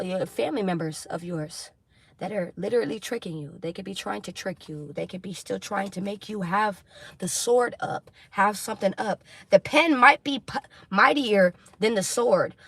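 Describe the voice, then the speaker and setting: A woman giving a tarot reading to her viewers, preaching intensely, swearing, and apologizing for getting loud. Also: mid-range voice, gravelly, slightly rough, no echo. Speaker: tarot reader.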